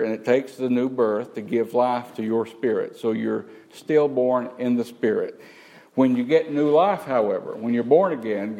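Guy preaching to his church, plain folksy teaching voice, mid pitch, lots of questions to the crowd. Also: mellow, dull audio. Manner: plain-spoken teaching with rhetorical questions to the congregation. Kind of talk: sermon.

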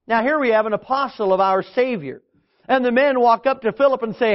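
A pastor preaching with a high, emphatic voice, often pausing on fillers and restarting his phrases. The recording sounds dull and lo-fi. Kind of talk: sermon.

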